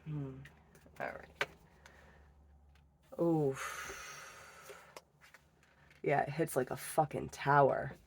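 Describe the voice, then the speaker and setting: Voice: medium pitch, steady tone, very slow, pauses often, a little hiss or hum. A tarot reader giving a casual reading into a phone, chatty and profane, laughing often.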